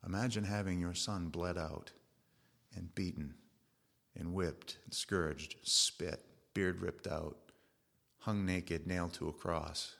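Middle-aged guy preaching, really low gravelly voice, talks to you like he's telling a story. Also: fairly even intonation, slow pace, a bit bright. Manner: earnest, conversational storytelling. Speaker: pastor. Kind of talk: sermon.

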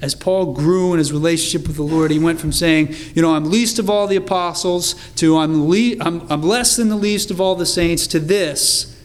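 A man's voice: a little high, moderate pace. A man preaching a sermon in an earnest, conversational way, reading scripture aloud with emphasis. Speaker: pastor.

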